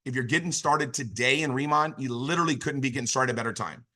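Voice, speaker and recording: A man giving an enthusiastic motivational business pitch on a video call, telling a long story with lots of "literally" and "you know". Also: fast, pushed and bright. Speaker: business opportunity speaker.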